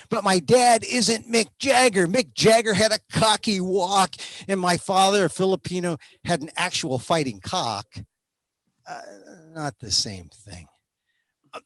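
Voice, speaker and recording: A man's voice: on the high side, fairly bright tone, slightly rough, no echo, clean studio sound. A man in his sixties from San Francisco, telling a personal story with wry, self-mocking humor and frequent "uh" restarts. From San Francisco, United States.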